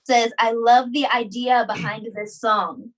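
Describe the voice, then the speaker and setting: Woman host, fairly high voice, casual, supportive, reads viewer comments. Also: fairly even intonation, unhurried, lo-fi sound. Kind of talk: casual chat.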